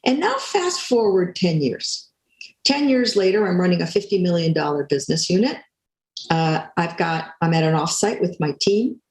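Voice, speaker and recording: An older woman speaking as a guest, telling a story in a lively way and acting out quoted lines. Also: fairly low pitch, moderate pace, echoey room, rough recording. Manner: animated, acts out quotes. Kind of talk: storytelling talk.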